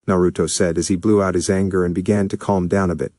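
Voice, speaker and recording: Low-voiced man reading fan fiction. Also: steady tone, brisk, hardly any pauses, warm tone, dry recording, clean studio sound. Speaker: narrator.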